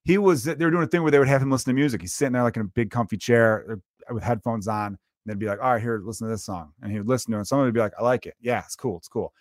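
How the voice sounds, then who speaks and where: Fast-talking man hosting a podcast. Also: mid-range voice, no echo, clean studio sound. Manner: conversational and animated, swearing, acting out quotes. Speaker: podcast host. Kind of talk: solo comedy podcast rant.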